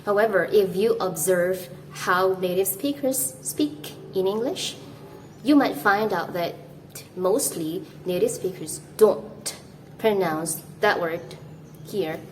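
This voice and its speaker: A young Indonesian woman teaching English to camera, speaking slowly and carefully and demonstrating how words sound. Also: medium pitch, darkish tone, a little hiss or hum, low-quality recording. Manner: slow, careful, demonstrates pronunciations. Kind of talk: scripted English lesson to camera.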